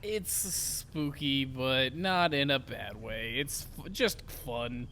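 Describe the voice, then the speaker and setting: A man's voice: medium pitch, animated, slow pace, pushed and bright, a little hiss or hum. A man co-hosting a podcast, wisecracking and profane, often repeating himself as he talks. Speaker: podcast co-host. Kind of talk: casual podcast banter.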